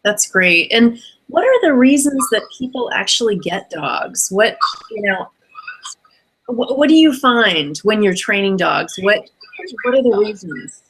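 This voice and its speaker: Female podcast host, middle pitch, supportive interviewer with meandering questions. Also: very animated, measured pace, fairly bright tone, breathy edge, rough recording.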